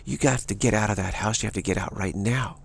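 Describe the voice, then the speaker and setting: A man's voice: fairly low pitch, quick pace, vocal fry, a little hiss or hum. A man giving an emphatic spiritual talk, repeating and restarting phrases as he presses his point. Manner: emphatic, repetitive, many restarts. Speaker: spiritual teacher.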